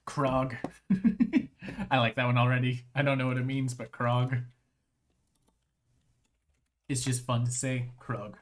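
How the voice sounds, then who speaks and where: A live streamer in casual chat, rambling and restarting phrases, voice strained with frequent throat clearing. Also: mid-range voice, level tone, a little slow, long pauses.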